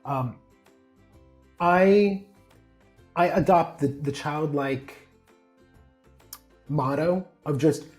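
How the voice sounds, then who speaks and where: American man, guest on an interview show, mellow and fairly high voice, rambling, faint music behind. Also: very slow, long pauses. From United States. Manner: rambling, many fillers and restarts. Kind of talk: casual interview chat.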